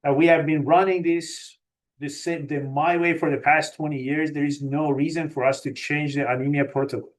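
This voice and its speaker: A man with a fairly high voice delivers a medical webinar lecture. He is lively and self-mocking, and he slips into the voices of hard-to-work-with colleagues to make his points. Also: normal speed. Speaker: physician lecturer.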